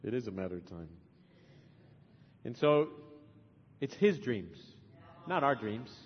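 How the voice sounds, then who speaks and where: A man in his forties preaching a sermon as a missionary, emphatic, swinging from loud urging to soft, tender asides. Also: mid-range voice, very animated, takes it slowly, husky. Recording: long hall reverb, dull lo-fi sound.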